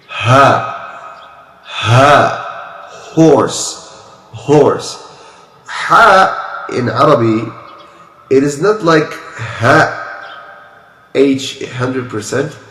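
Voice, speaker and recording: A man teaching Quran recitation at a slow, unhurried pace, his voice sitting in the middle range. He explains each sound patiently and repeats it several times to demonstrate. The recording has a noticeably echoey room sound. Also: mid-range voice. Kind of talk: pronunciation lesson.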